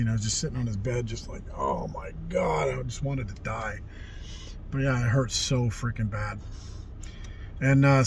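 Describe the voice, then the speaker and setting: A middle-aged man tells stories from his own life in an easygoing, rambling way and slips into livelier voices when he quotes others. His pitch sits in an ordinary middle range, and a faint background noise runs under the recording. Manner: rambling, animated when quoting people. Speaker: vlogger telling life stories. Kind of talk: casual storytelling.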